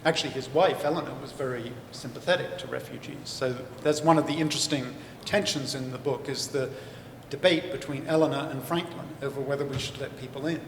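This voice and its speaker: A man's voice: medium pitch, fairly quick, hardly any pauses, slight background noise. Man explaining in an echoey hall. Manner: thoughtful, explanatory, with many fillers and restarts. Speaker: author and historian, interview guest. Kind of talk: live festival interview. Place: large hall at a book festival. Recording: echoey hall with faint ambience.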